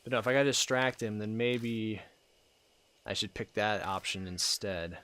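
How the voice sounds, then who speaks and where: A man's voice: on the low side, normal speed, fairly bright tone. Swearing, joking let's-play man. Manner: joking, swearing, reads game text aloud. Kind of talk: casual gameplay commentary.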